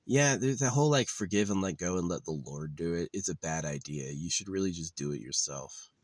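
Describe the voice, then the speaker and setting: Super deep voiced guy rambling, swears a lot, dry wry delivery, no room sound. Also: lively intonation, fairly quick, dry recording. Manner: profane, blunt, wry. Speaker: vlogger. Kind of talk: casual rambling monologue. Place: living out of his car.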